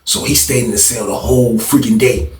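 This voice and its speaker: Man, casual storytelling, quick pace, distant mic, echoey room. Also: a little hiss or hum. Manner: animated, acts out other people's voices with big pitch jumps.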